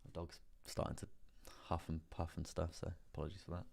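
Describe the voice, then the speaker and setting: A man's voice: deep voice, completely flat delivery, brisk, vocal fry, darkish tone, slight background noise. A man hosting a casual live stream, chatting through price charts, laughing often and repeating his words as he goes. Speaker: crypto livestream host.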